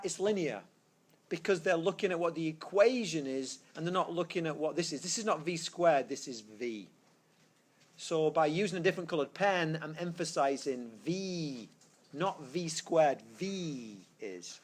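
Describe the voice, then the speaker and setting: A man's voice: a little high, a little slow, pauses often. A man teaching a physics class, explaining step by step in a classroom and correcting himself as he goes. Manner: explanatory, thinks aloud, self-correcting. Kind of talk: classroom lecture. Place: classroom with students. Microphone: tablet screencast mic.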